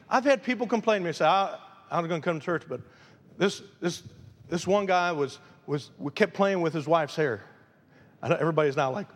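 Male pastor, emphatic, chatty preaching, very high voice, reverberant sanctuary. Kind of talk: sermon. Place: church sanctuary. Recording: long reverb of a large church hall.

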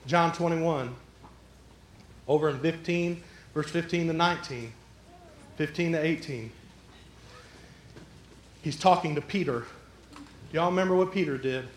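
A man preaching a sermon, lively and jokey, acting out the people in the story. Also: fairly high pitch, unhurried, long pauses, echoey room, a little hiss or hum. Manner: lively, jokey, acts out the quotes. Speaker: pastor.

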